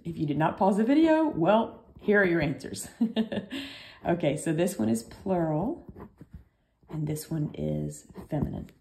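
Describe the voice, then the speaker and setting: A woman's voice: lowish voice, animated, unhurried, vocal fry, mellow, a little hiss or hum. A woman teaching a recorded French lesson, chatty and reassuring, thinking aloud as she explains.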